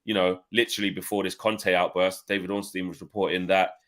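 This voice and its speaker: A man co-hosting a casual football podcast, talking in an animated, rambling way. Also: deep voice. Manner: rambling, animated, quick to laugh.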